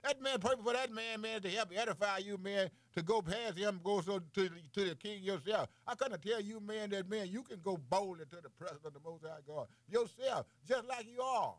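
A man preaching informally, firing off rhetorical questions, calling the listener man, boy and baby, laughing between phrases and swinging between loud and soft. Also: high voice, dry recording.

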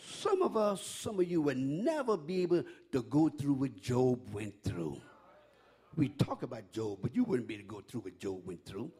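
An older man preaching a sermon in call-and-response style, dropping to a hush and then rising to a shout. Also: medium pitch, big pitch swings, normal speed, husky.

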